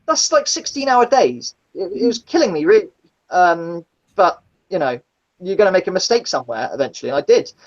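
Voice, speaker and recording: A woman's voice: lowish voice, sing-song, brisk, highs cut off. A woman telling stories about her old driving jobs in casual chat, blunt and swearing, acting out the people she met. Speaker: guest, former taxi driver. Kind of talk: casual storytelling in a live chat.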